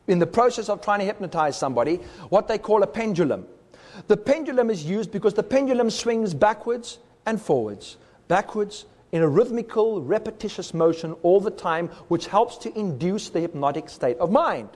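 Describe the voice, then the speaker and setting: High-voiced man explaining step by step. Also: lively intonation, moderate pace, a little mellow, in a large hall. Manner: explains step by step, demonstrates rhythms with sounds. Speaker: speaker. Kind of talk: recorded teaching talk.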